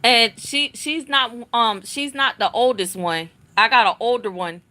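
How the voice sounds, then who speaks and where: A middle-aged woman tells a family story on her livestream, chatty and animated. Her voice sits a little high and rings bright and forceful. She slips into the voices of the people in her story. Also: measured pace. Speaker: livestream host. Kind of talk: casual storytelling chat.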